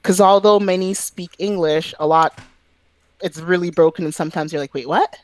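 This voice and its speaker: A man on a video call telling a story in a relaxed, animated way, acting out the lines of the people he quotes. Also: sits high, moderate pace, dry recording. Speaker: podcast guest. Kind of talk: casual storytelling chat.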